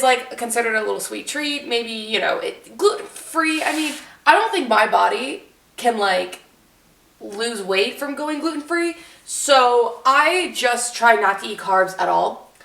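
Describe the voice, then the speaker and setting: A woman's voice: a little high, gravelly, sharp tone, far from the mic. A woman vlogger, chatting in a casual, rambling, giggly way while she bakes. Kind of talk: casual baking vlog chat. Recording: echoey room, voice a bit off-mic.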